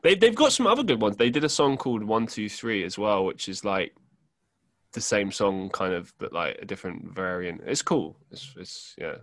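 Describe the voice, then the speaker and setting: A man's voice: fairly low pitch, expressive, normal speed. A man co-hosting a podcast in casual chat, with playful, giggly banter. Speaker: podcast co-host.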